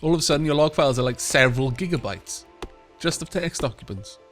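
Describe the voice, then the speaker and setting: A man with a slightly high voice chats over a multiplayer game. He teases his friends and laughs easily, with faint music playing underneath. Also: expressive, fairly bright tone. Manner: playful, teasing, quick to laugh. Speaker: let's play host. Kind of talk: casual multiplayer gaming chat.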